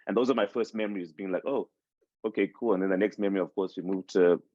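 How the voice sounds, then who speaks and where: A man's voice: sits low, fairly even intonation, racing, mellow, no echo. A man in his twenties from Zimbabwe, a native Shona speaker, reflecting on his life in a casual podcast interview, rambling and restarting his sentences. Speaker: podcast host interviewed as guest. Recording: dull dry sound.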